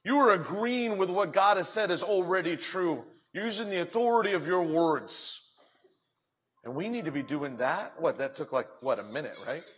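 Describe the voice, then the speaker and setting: A male pastor giving a lively, conversational sermon in a church sanctuary. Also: sits high, normal speed.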